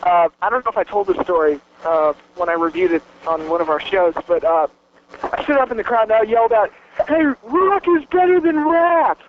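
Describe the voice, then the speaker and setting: High-voiced excitable man chatting wrestling. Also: lo-fi sound, slight background noise. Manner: excitable, bragging, quick laughs. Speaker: podcast co-host. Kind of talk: casual wrestling chat.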